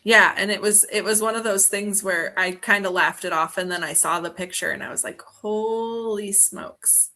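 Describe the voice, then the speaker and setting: A young woman from Montana, a guest on a video-call interview, telling ghost stories in a lively way and laughing often. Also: lowish voice, brisk, few pauses. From Montana, USA. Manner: animated storyteller, laughs often. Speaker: guest, film festival organizer.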